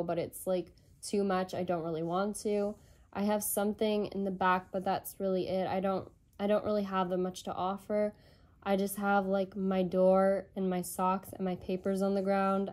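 A woman's voice: mid-range voice, darkish tone. A woman giving a channeled tarot reading, rambling and tentative as she thinks aloud. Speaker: tarot reader.

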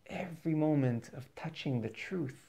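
A man's voice: on the high side, moderate pace, gravelly, warm tone. A man giving an earnest motivational spiritual talk as a teacher, repeating words for emphasis.

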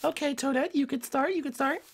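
A woman's voice: high voice, fairly quick. A woman voicing a cheerful, chatty young princess who hosts the show, in a Minecraft role-play. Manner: peppy, chatty, excitable. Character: cheerful, bossy young princess hostess, Peach. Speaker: series host.

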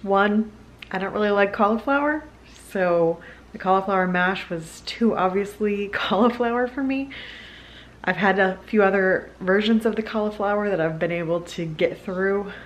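A woman's voice: medium pitch, moderate pace. A young woman casually vlogging in her home kitchen, chatty and upbeat, with bad jokes, on a handheld camera.

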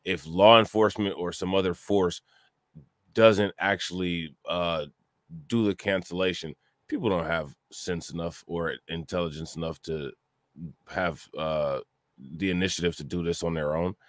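A man's voice: sits low, fairly even intonation, moderate pace, dry recording, clean studio sound. A man co-hosting a casual podcast, giving blunt, dismissive commentary. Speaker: podcast co-host.

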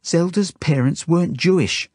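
A man's voice: on the high side, expressive, moderate pace, darkish tone, slightly rough, dry recording, studio quality, voice pushed up. A man reading an audiobook, voicing a frightened boy who pleads frantically. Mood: frantic. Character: frightened desperate young Jewish boy, pleading.

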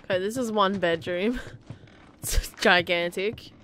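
A woman's voice: mid-range voice, a little slow, fairly bright tone, slight background noise. A woman giving casual let's-play commentary, chatty and giggly, talking to the game characters as she plays. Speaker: gameplay commentator.

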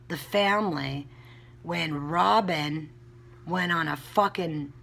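Woman vlogger, blunt heated rant with lots of swearing; slow, deliberate delivery. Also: low voice, vocal fry, fairly bright tone. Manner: blunt, heated, frequent cursing. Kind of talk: casual vlog rant.

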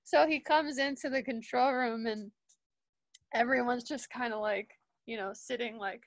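Young woman rambling through a story, lots of ums, highish voice, dry close mic. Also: steady tone, moderate pace, no echo. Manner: chatty, many fillers and restarts, acts out quotes in a higher voice. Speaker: studio operations manager. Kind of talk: casual storytelling interview.

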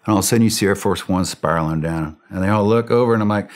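A man, a former special forces operator, casually telling a war story as a podcast guest. He is animated, laughs often, and acts out the dialogue. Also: fairly low pitch, racing, few pauses.

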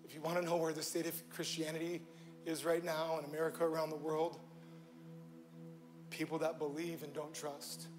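A male pastor preaching to a live congregation, joking and shifting between loud bursts and hushed moments. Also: fairly high pitch, level tone, moderate pace, pauses often, soft background music. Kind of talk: sermon. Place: church stage before a live congregation.

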